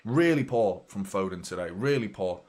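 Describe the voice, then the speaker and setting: Sweary fan hosting a live match watchalong. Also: male voice, lowish voice, moderate pace. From United Kingdom. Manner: blunt, sweary, excitable when play heats up. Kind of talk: live match reaction and chat.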